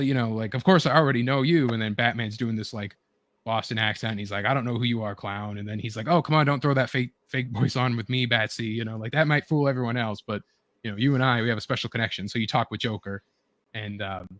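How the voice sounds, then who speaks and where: A man's voice: mid-range voice, a bit bright, no room sound, clean studio sound. A man hosting a casual chat with friends, telling things eagerly in a rambling way, full of fillers. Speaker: show host.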